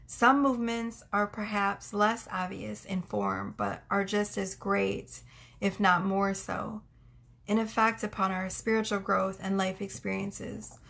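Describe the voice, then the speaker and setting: A woman's voice: medium pitch, steady tone, measured pace, creaky, fairly bright tone. A young woman giving a casual tarot reading, effusive and emotional as she reads out cards. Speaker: tarot reader.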